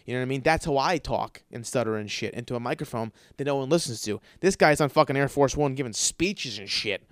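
A man hosting a podcast from his apartment, ranting with constant swearing, stuttering and repeated words, jumping between yelling and mumbling. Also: mid-range voice, clean tone, dry recording, studio quality. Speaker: podcast host. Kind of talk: profane ranting monologue. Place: his apartment, in a dark room. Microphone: studio microphone.

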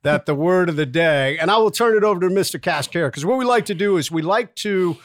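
A man's voice: high voice, expressive, a little fast, no room sound, studio quality. A man co-hosting an interview podcast, asking long, rambling questions full of fillers. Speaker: podcast co-host. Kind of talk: casual interview chat.

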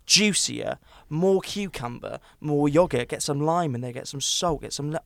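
A man's voice: a little high, lively intonation, normal speed, gravelly, heavy background noise. A young man in his twenties co-hosting a podcast, bantering, swearing and laughing with friends. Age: 20s. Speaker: podcast co-host. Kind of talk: casual chat.

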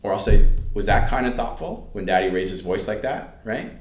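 The guest is a middle-aged man whose voice runs on the low side and fairly quick, with faint music behind him and a roomy echo. Chatting casually in the interview, he acts out family exchanges with lively energy as he tells them.

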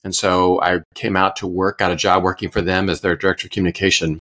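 A man's voice: sits low, level tone, fast talker, fairly bright tone. A man in his fifties from Iowa, a pastor, telling his story as a podcast guest in a thoughtful, self-deprecating way. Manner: thoughtful, self-deprecating, with frequent fillers and restarts. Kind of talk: relaxed conversational storytelling.

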